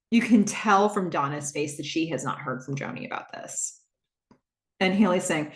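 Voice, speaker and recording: Lively woman recapping a TV episode. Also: lowish voice, moderate pace. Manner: animated, acts out the characters' lines. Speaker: podcast host. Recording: roomy echo.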